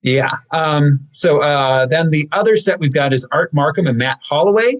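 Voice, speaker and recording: Relaxed man co-hosting a film podcast. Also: a little high, normal speed, poor audio. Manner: relaxed, with fillers and small laughs. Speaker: podcast co-host. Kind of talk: casual chat, reading film credits.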